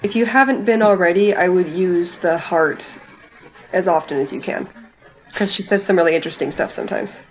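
A woman co-hosting a casual podcast, relaxed and laughing often. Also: fairly low pitch, a little fast, lo-fi sound. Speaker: podcast co-host.

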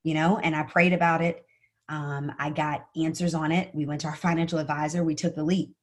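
Podcast guest: a woman with a slightly low voice, earnest and animated in sharing her own story. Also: brisk. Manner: earnest, animated, often addressing the host by name. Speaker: podcast guest, sales coach. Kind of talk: personal storytelling in conversation.

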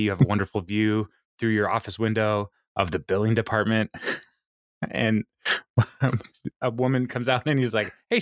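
A man co-hosting a podcast, recapping a sitcom in a relaxed chat, laughing often and quoting characters in animated voices. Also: fairly low pitch, no echo, clean studio sound. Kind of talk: casual chat.

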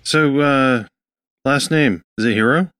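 A man's voice: mid-range voice, slow pace, fairly bright tone, soft background music. A man hosting a podcast, giving an opinionated, earnest intro and then chatting with a guest in an upbeat way. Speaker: podcast host. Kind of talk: podcast intro and interview chat.

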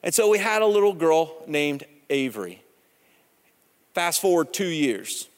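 Pastor in his thirties, high voice, casual storytelling sermon in a big echoing sanctuary. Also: big pitch swings, measured pace. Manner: conversational, joking, storytelling. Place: church sanctuary. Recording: long hall reverb.

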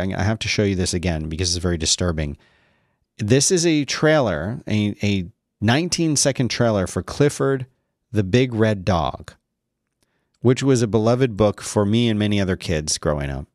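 A man's voice: on the low side, no room sound, studio quality. A man hosting a casual solo podcast, rambling with sarcastic, mock-outraged complaints. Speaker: podcast host.

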